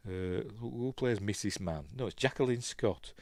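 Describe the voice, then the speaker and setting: A Yorkshire man runs his channel's laid-back watch-along film review, speaking at a normal pace in a chatty, meandering way full of ums. He often hesitates and fixes his words mid-sentence. His fairly low voice comes across dry and close, with no echo from the room.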